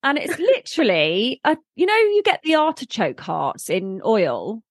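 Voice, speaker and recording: A woman's voice: a little high, wildly swooping pitch, measured pace, no echo, clean studio sound. A woman co-hosting a podcast, bubbly and teasing in casual chat, laughing often. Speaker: podcast co-host.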